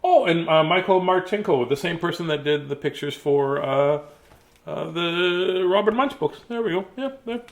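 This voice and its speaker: A man's voice: on the high side, lively intonation, moderate pace. A man reading children's picture books aloud in a playful, silly way, laughing and chatting between pages. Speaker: children's book reader.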